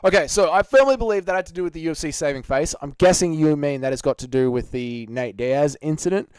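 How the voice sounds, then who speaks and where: A man's voice: fairly high pitch, quick pace, darkish tone, clean tone, no echo. A man hosting a casual livestream, reading chat comments aloud and arguing back. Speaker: livestream host answering chat.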